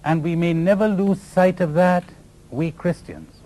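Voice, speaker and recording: A man's voice: high voice, measured pace, mellow, rough recording. A man from India, giving a spiritual lecture full of stories and laughing at his own jokes. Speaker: spiritual teacher.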